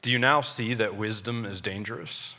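A man preaching a sermon as a pastor, earnest, pausing and restarting as he explains a scripture passage. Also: fairly low pitch, pushed and bright. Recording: long reverb of a large hall.

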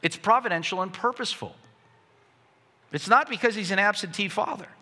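Impassioned preacher in a reverberant hall. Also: male voice, high voice, brisk. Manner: impassioned, rising to near shouts. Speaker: pastor. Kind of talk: sermon.

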